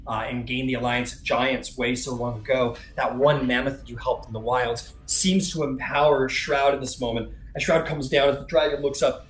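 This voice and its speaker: A man's voice: mid-range voice, steady tone, moderate pace, hardly any pauses, roomy sound, poor audio. A man running a tabletop game as game master, narrating loosely with lots of fillers and the odd swear.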